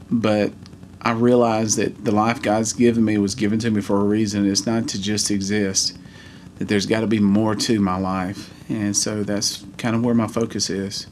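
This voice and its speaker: A man in his forties telling a heartfelt personal story in a vlog, earnest and halting. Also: on the low side, darkish tone, a little hiss or hum. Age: 40s. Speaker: vlogger.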